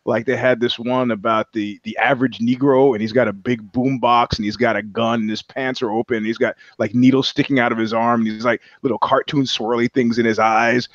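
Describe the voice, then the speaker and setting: A man's voice: medium pitch, little pitch movement, a little fast, few pauses, no echo, highs cut off. A man co-hosting a podcast in casual chat, rambling and sardonic, with plenty of profanity. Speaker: podcast co-host.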